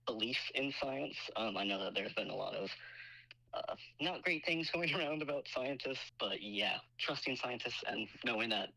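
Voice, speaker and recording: A man's voice: mid-range voice, expressive, moderate pace, creaky, bright, forceful tone, no echo, rough recording. A man calling in to a podcast as a scientist guest, speaking hesitantly with many fillers. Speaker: caller, geneticist. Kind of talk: call-in interview.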